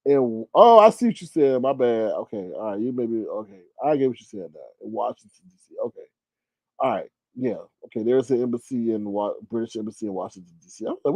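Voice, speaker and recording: A man's voice: mid-range voice, big pitch swings, brisk, darkish tone, dry recording, muffled recording. A man hosting a live stream, chatting casually with his viewers as he reads comments aloud, exclaiming and laughing often. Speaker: live stream host reading chat.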